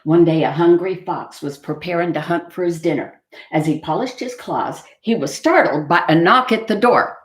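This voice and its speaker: A woman librarian reading picture books aloud to children, expressive and asking them questions. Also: lowish voice, moderate pace, reverberant. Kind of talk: storytime read-aloud. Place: library room.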